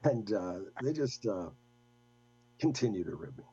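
Gravelly older man telling a story. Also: fairly low pitch, measured pace, dull audio. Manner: rambling, animated anecdote with laughs. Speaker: guest. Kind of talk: casual storytelling.

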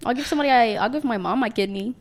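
A woman's voice: a little high, racing. A woman co-hosting a casual podcast who talks loosely with lots of "like" and "um" and jokes about herself. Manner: chatty, filler-heavy, self-deprecating. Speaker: podcast co-host. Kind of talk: casual chat.

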